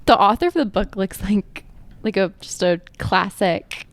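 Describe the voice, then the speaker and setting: A woman's voice: mid-range voice, expressive, measured pace. Woman cohost, mid voice, chill matter-of-fact chat. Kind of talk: casual chat.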